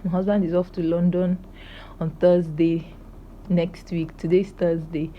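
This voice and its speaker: A woman's voice: lowish voice, level tone, measured pace, muffled recording, slight background noise. A young woman speaking to camera in an emotional, joyful personal video diary, praising God. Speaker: vlogger.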